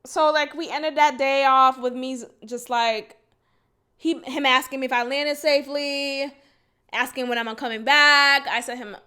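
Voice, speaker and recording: A young woman with a high, bright voice tells her own story on a podcast. She talks candidly and expressively, slipping into low, quiet sighs and then rising into loud, exasperated outbursts. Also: steady tone, a little slow. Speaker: podcast host. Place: Houston, Texas.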